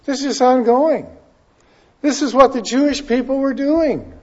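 A man preaching a sermon, moving from quiet, conversational asides to loud, emphatic readings of scripture. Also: extremely high pitch, a little slow. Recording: dull lo-fi sound.

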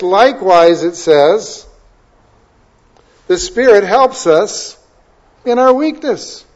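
Male pastor, high voice, conversational expressive sermon, dull lo-fi recording. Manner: conversational, expressive preaching with wide swings in loudness.

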